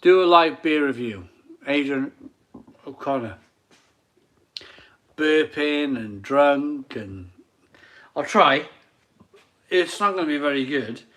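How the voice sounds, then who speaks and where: A man's voice: fairly high pitch, animated, slow pace, long pauses, a bit bright. A man in his forties hosting a casual live beer stream, chatty and laughing often as he reads out viewer comments. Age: 40s.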